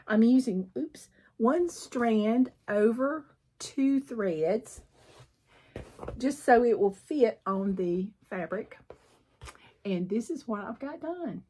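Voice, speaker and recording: A middle-aged woman with a Southern accent chatting casually as she shows her cross stitch projects, rambling a little and often clearing her throat. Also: fairly high pitch. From southern United States. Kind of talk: casual chat showing needlework projects.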